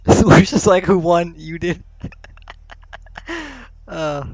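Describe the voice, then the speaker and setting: A man's voice: a little high, fairly even intonation, slow pace, vocal fry, a little mellow, no echo. A man casting a live-streamed tournament in casual, playful commentary, often laughing at himself. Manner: playful, giggly, self-mocking. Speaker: esports tournament caster. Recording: dull lo-fi stream mic.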